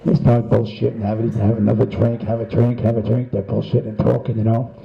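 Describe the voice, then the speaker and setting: A man's voice: mid-range voice, level tone, brisk, vocal fry, soft background music. Brief: older male joke teller, ordinary mid voice, loose rambling delivery, muffled lo-fi recording. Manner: rambling, conversational storytelling. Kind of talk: telling a long bar joke. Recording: dull lo-fi sound.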